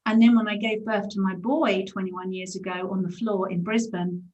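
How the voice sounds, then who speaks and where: A woman's voice: mid-range voice, steady tone, normal speed, a little mellow, lo-fi sound. Gushing English woman host in an echoey room. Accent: English, Brighton. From England. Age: 40s. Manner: gushing, affectionate, spiritual. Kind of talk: casual interview chat.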